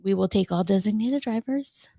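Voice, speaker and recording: A woman's voice: medium pitch, moderate pace, mellow, dry recording, studio quality. A woman co-hosting a podcast, telling profane stories with lots of laughter in casual chat. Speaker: podcast co-host.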